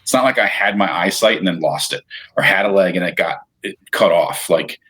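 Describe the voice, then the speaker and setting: A man with a notably low voice talks through his experiences as a podcast guest. He speaks candidly and loosely, trailing off and restarting his sentences as he thinks aloud. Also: brisk, a bit bright. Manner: candid, rambling, with frequent restarts. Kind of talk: casual interview chat.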